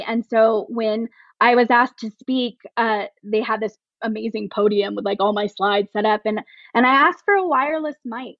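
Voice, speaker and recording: A woman with a fairly high voice speaks as a podcast guest, earnest and emotional, often restarting her sentences. The recording is dull and dry, with no room sound around her. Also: dry recording. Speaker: podcast guest, plus-size pregnancy advocate. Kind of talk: conversational interview.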